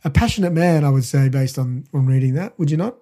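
Co-host type: man with a slightly high, mellow voice, casual and halting. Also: expressive. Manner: reads trivia aloud with hesitant fillers. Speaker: podcast co-host. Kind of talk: casual chat.

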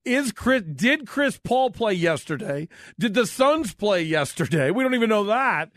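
A man co-hosting a morning sports radio show from a studio, firing off excited questions. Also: high-pitched, no room sound. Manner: excited, rapid-fire questions.

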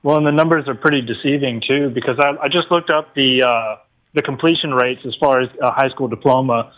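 A man's voice: medium pitch, fairly even intonation, brisk, muffled recording. A man calling in to a talk radio show, rambling and frustrated. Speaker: caller.

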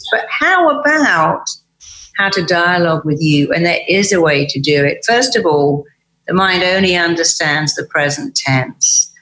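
A British woman speaking as a therapist guest in a podcast conversation, emphatic and lively, acting out inner dialogue in quoted voices. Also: lowish voice, a little slow, roomy sound, poor audio.

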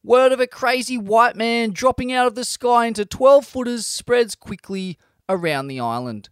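A man reading scripted narration in a measured storytelling delivery on a close studio mic. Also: extremely high pitch, expressive, a bit bright, clean tone, dry recording. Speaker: podcast narrator.

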